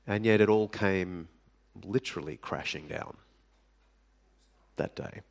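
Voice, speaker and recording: A man with a lowish voice preaches a sermon at an unhurried, measured pace. He leans into dramatic pauses and lets his voice fall quiet for effect. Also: creaky. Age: adult. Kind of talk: sermon to a live audience.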